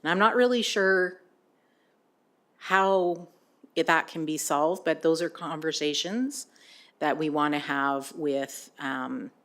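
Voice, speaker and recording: A woman's voice: deep voice, slow, a bit bright. A woman presenting a board update to a council meeting, speaking hesitantly with many fillers. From Canada.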